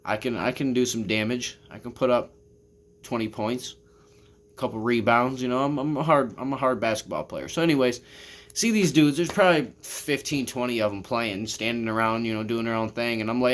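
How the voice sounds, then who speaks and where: A man's voice: medium pitch, lively intonation, fairly quick. A man telling a long personal story to his camera in a casual, rambling way, swearing often and filling gaps with "I mean" and "you know what I'm saying". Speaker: vlogger. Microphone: camera, talking to viewers.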